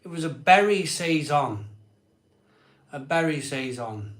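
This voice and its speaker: A man's voice: fairly high pitch, animated, takes it slowly, a bit bright, reverberant, slight background noise. A man hosting a casual live stream, chatting in a rambling way. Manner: chatty, rambling, frustrated sighs. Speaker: live show host.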